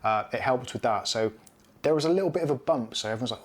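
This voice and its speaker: A man's voice: medium pitch, fast talker. A middle-aged British man hosting a casual live stream, rambling chattily and reading out viewer comments.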